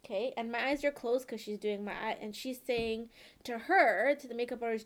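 A young woman telling a long story in casual chat, profane and animated, checking in with "okay?" as she goes. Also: a little high, moderate pace. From born and raised in the country she lives in.

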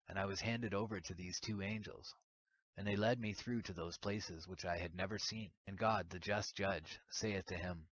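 A man giving a steady, solemn reading of an archaic religious text. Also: deep voice, moderate pace. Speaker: reader. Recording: dull lo-fi recording.

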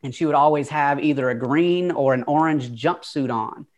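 A man's voice: fairly high pitch, normal speed. Man with a Southern twang. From Atlanta, USA. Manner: open, earnest, conversational with fillers. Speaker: guest. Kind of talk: casual interview storytelling.

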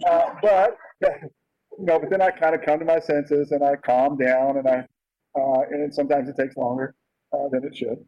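A man's voice: a little high, steady tone, normal speed, no room sound. A man preaching a conversational sermon in an informal way, often checking in with "right?". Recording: dull lo-fi sound.

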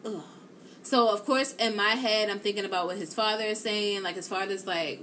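A woman chatting live to her viewers in a loose, rambling storytelling way, full of "like" and "or whatever." Her voice sits at an ordinary middle pitch. A faint room hum stays underneath her. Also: brisk. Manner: rambling and animated, heavy use of "like" and "or whatever". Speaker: live-stream host.

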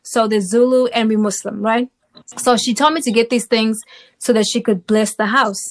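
A woman from South Africa recounts her personal testimony as a guest on an interview show. Her voice sits a little high, and she tells the story in an animated way, often pausing to check in with her listener.

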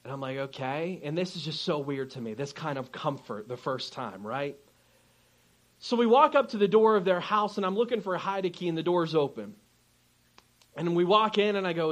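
Here a pastor preaches with a high voice at a moderate pace. He brings a personal story to life during the sermon, animatedly playing the people who appear in it.

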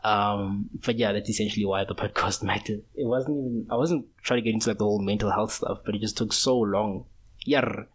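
A man's voice: fairly low pitch, fairly even intonation, brisk, breathy edge. A young man in his twenties hosting a solo podcast, talking in a casual, rambling, slangy way. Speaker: podcast host.

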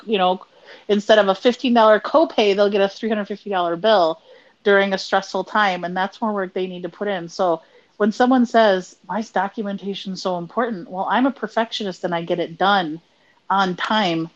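Animated, laughing woman podcaster. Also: mid-range voice, normal speed, dull audio. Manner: animated, laughs often, trails off and restarts. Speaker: podcast co-host. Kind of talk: casual chat.

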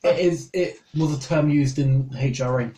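A man's voice: on the high side, moderate pace, warm tone, recorded from a distance. A man chatting wryly as a player in a tabletop game. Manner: wry, teasing.

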